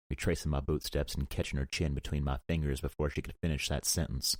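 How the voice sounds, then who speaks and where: A man narrating a romance audiobook in the first person, gruff and brooding, with frequent swearing. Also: a bass voice, level tone, quick pace, hardly any pauses, darkish tone, no echo, clean studio sound.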